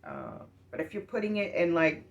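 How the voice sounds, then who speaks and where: Low-voiced woman giving rambling advice. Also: wildly swooping pitch, moderate pace. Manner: rambling, with many fillers; earnest and encouraging. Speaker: vlogger giving life advice. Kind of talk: casual monologue.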